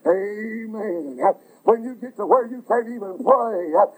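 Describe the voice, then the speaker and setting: A man preaching a fervent sermon, crying out at times and filling pauses with "uh". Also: high voice, a little mellow, breathy edge, low-quality recording. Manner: fervent, breaks into cries, many "uh" fillers.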